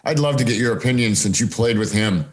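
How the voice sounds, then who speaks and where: A man hosts a sports podcast with a medium-pitched voice. He asks his guest easygoing, curious questions, with small fillers along the way. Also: fast. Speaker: podcast host. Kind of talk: casual interview questions.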